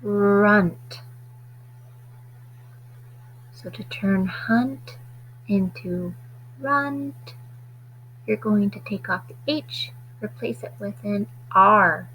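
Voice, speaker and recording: A woman teaching a phonics lesson to children, stretching out sounds slowly and deliberately. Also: medium pitch, muffled recording, slight background noise.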